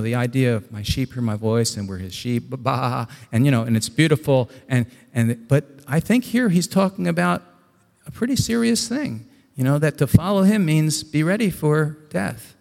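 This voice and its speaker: A man preaching a sermon, reading scripture aloud and explaining it, climbing to excited emphasis and then dropping to quiet asides. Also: fairly high pitch, moderate pace, vocal fry. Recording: long hall reverb.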